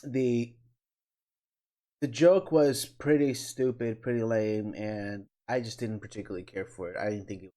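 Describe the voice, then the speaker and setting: A middle-aged man hosting his channel, giving candid, opinionated reaction commentary, swearing casually and pausing with fillers. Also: lowish voice, fairly even intonation, dark tone. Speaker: channel host reacting to a trailer.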